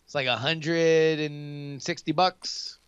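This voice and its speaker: A man's voice: a little high, steady tone, slow pace, smooth, no echo, dull audio. A man co-hosting a casual comedy podcast, hesitant and dry in his delivery. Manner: hesitant, dry, laid-back. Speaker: podcast co-host.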